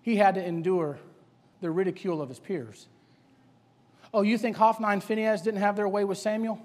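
High-voiced preacher in an echoing hall. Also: male voice, steady tone, brisk. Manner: emphatic, rhetorical questions, colloquial. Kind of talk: sermon to young people. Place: church sanctuary. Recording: long church hall reverb.

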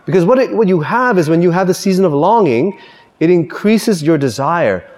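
A man preaches a Catholic homily, telling stories with animated energy and plenty of swing in his voice. His voice sits a touch high for a man. The sound carries a long reverb, as if from a church hall. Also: moderate pace. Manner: animated, lively storytelling. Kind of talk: sermon.

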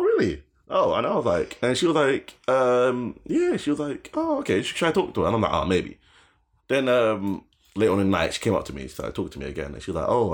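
A young man with a deep, husky voice tells a rambling story, swearing freely and laughing as he goes. His pitch swings widely as he acts out what each person said. This is a loose, casual podcast chat.

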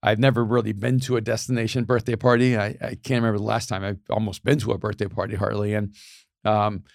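A middle-aged man in a casual conversation, animated, laughing often and repeating words as he starts sentences. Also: fairly low pitch, fast talker, vocal fry, no room sound, studio quality.

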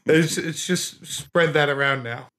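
A man's voice: on the high side, pushed and bright. A man co-hosting a casual podcast chat, swearing freely and laughing often. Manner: profane, laughing, quick reactions.

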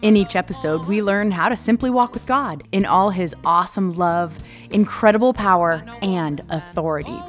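A woman hosting a devotional podcast, teaching from scripture in an earnest, emphatic way and reading verses slowly. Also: lowish voice, soft background music. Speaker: podcast host and Bible teacher.

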